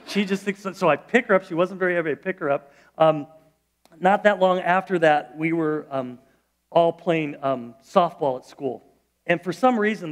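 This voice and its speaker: A middle-aged male pastor preaching a sermon in church, conversational and storytelling, with frequent restarts. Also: high voice.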